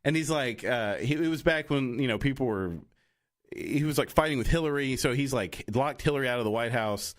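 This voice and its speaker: A man co-hosting a casual podcast, talking at an everyday pitch for a man. He rambles from one tangent to the next, restarts his sentences and slips into quoted voices. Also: a little fast. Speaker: podcast co-host. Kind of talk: casual chat.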